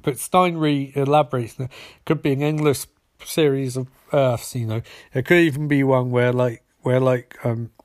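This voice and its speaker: A man's voice: mid-range voice, steady tone, moderate pace, darkish tone, dry recording, studio quality. Rambling, stammering man recapping casually.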